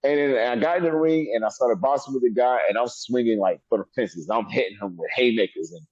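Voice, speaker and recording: A middle-aged man, a wrestler guest in an interview, telling animated stories and laughing often. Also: medium pitch, a little fast, husky, no room sound. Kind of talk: storytelling interview. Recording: dull lo-fi sound.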